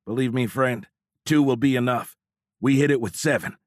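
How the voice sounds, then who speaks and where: A man's voice: mid-range voice, normal speed, no room sound, clean studio sound, voice pushed up, lightly acted. A man voicing a middle-aged male fighter-pilot colonel with a heavy East Texas drawl, giving urgent radio orders. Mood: grim. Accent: East Texas drawl, put on. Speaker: fighter-wing commander.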